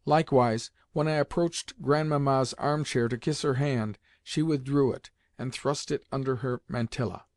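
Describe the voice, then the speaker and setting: Male audiobook narrator, mid-pitched, measured and even, close dry mic. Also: no room sound. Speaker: audiobook reader. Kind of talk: scripted narration of a classic novel.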